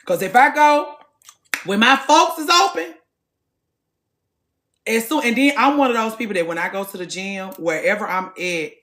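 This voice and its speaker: A woman in her late thirties, chatting casually to her viewers from the gym. She talks in an animated way, swings between loud and soft, and swears freely. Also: medium pitch, normal speed, pauses often. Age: late 30s. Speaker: vlogger. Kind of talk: casual chat to camera.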